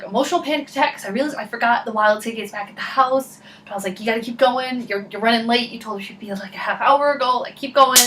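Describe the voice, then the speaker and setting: Young woman vlogger, excitable, rambling, sits back from the mic with faint hiss. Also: a little high. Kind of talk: casual storytelling vlog. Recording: voice a bit far from the mic, faint background noise.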